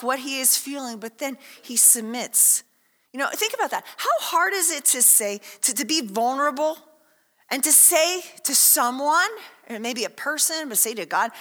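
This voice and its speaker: A woman preaching a sermon to a congregation, chatty and animated, acting out little scenes and asking the room questions. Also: sits high. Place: church hall. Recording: echoey hall.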